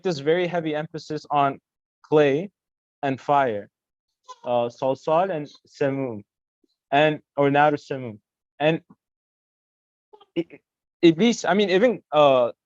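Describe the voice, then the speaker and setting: A man's voice: mid-range voice, a little mellow, no echo, highs cut off. A young man in a study discussion, thinking aloud in a searching way with many restarts. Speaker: student in a study session.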